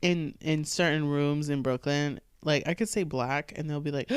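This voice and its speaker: A woman comic chats loosely on a podcast and tells stand-up stories, slipping into quoted voices as she goes. Her voice is smooth and clean. The sound is dry and close, with no room around it. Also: deep voice, moderate pace, no echo. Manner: animated storytelling with acted-out quotes. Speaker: stand-up comedian, podcast guest. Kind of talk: casual chat.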